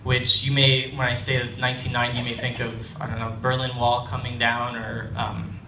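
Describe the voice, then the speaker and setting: A young man telling a personal story on stage at a storytelling night, conversational and self-deprecating, with halting restarts. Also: medium pitch, completely flat delivery, noisy background. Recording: roomy live hall, distant mic, faint ambience.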